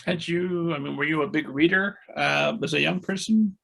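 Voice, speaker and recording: A man's voice: a little high, normal speed, gravelly, fairly bright tone. A man hosting a podcast interview, asking long questions with hesitant fillers and restarts. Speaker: podcast host.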